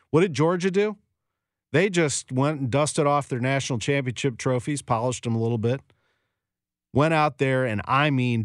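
A male sports talk radio host delivers firm, opinionated takes and drives his points home by repeating them. His voice sits at an ordinary middle pitch. The sound is dry and close, with no room echo.

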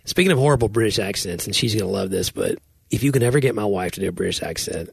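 Man, husky voice, casual podcast chat, rambling, dry close mic. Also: on the low side, animated, quick pace, no echo. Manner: rambling, self-deprecating, laughs often. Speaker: podcast co-host.

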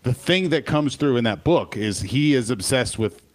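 A man hosting sports radio, chatting casually and opinionatedly about football broadcasters. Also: mid-range voice. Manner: animated, opinionated, quick restarts.

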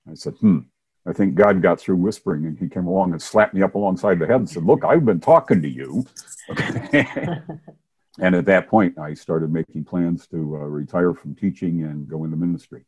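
An older man speaks in a very low, husky voice, mellow and unhurried. He is a minister and former science teacher who tells his story casually and laughs often. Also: steady tone. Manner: warm anecdotal storytelling with chuckles. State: hard of hearing, wears hearing aids.

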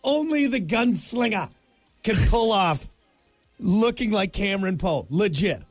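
A man co-hosting a morning radio show, chatting casually and excitedly about sports with his co-host from the studio. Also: high voice, no echo, soft background music. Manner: excitable, laughing, quick asides. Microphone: studio mic.

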